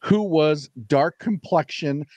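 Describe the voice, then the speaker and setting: A man's voice: on the high side, slow, darkish tone, no room sound. A man talking bluntly on a heated political panel, rambling and restarting his sentences.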